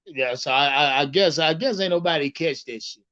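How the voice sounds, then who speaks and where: This man's voice is on the high side with a sharp tone at normal speed, though the audio is dull. He's a livestream sports commentator chatting casually about football, swearing, rambling, repeating himself, and calling out the chat.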